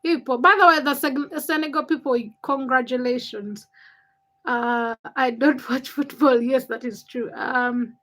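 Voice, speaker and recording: A woman from Uganda hosts a live chat stream and talks straight back to her viewers. Her voice sits high and sounds bright and forward. She greets people by name and teases hecklers with quick retorts. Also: steady tone, rough recording. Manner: chatty and teasing, quick comebacks to viewers. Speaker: livestream host. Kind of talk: casual live-chat stream, reading and answering viewer comments.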